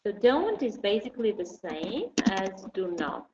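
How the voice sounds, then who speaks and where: A woman teaching an online English lesson. She explains patiently and slowly, with many fillers. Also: medium pitch, very animated. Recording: dull roomy recording, faint noise.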